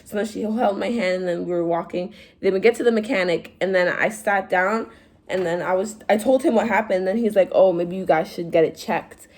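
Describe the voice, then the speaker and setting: A young woman vlogger telling stories in casual chat, animated, acting out quotes in a higher voice. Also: fairly quick. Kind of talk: casual storytime vlog.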